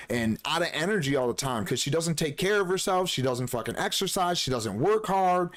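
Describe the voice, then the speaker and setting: A man streams a game live, speaking casually and ranting heatedly with plenty of swearing. Now and then he mocks others in a shrill voice.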